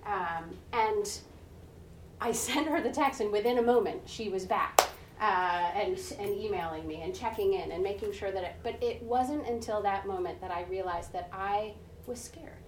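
A woman's voice: mid-range voice, normal speed, background noise. A woman in her forties gives a conversational sermon built around a personal story, often checking in with "right?" and acting out the voices in it. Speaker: preacher. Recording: echoey room heard from a distance.

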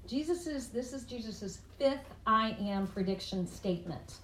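A woman's voice: fairly high pitch, expressive, a little slow, a bit bright. A woman teaching a Bible study, earnest and conversational, often asking the listeners questions. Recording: echoey room, faint background noise.

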